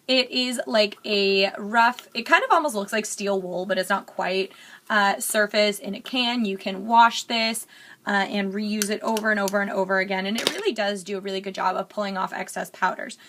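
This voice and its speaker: A woman's voice: mid-range voice, moderate pace, fairly bright tone, a little hiss or hum. A young woman chatting candidly while doing her makeup in a get-ready-with-me vlog, rambling and full of fillers. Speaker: beauty vlogger.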